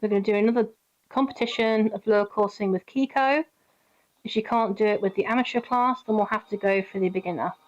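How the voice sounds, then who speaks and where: A woman's voice: mid-range voice, a little fast, dull audio. A British woman streaming a game, chatting casually with her viewers and greeting them by name. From Britain. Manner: chatty, giggly, talks to chat by name.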